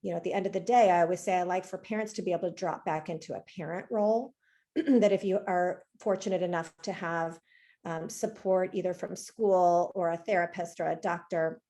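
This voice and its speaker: A woman therapist talking in a relaxed, reflective way in a webinar, acting out parents' worries as she goes. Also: lowish voice, fairly quick. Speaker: therapist guest. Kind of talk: webinar talk.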